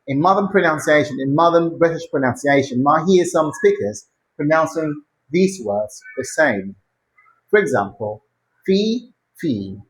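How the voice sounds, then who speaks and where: A pronunciation teacher leading a lesson, modelling words slowly and repeating them for the learner to copy, with short encouraging prompts. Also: mid-range voice, lively intonation, poor audio. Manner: slow, drawn-out model words repeated for practice.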